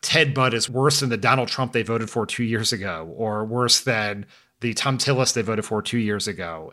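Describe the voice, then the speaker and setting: Animated podcast co-host man. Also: medium pitch. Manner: fast, emphatic, animated. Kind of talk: casual political chat.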